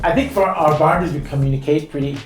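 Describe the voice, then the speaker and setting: A woman's voice: low voice, fast. A woman co-hosting a podcast, in casual, rambling chat full of restarts. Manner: chatty, rambling with many restarts. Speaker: podcast co-host. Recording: roomy sound with faint music.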